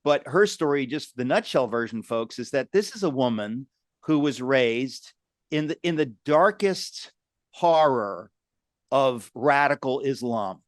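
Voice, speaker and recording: A man's voice: medium pitch, animated, unhurried, dry recording. A man with a mid-range voice hosts a conversational interview, exclamatory and speaking straight to his viewers. His voice is dry and close to the mic. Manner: exclamatory, addresses viewers directly. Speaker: host.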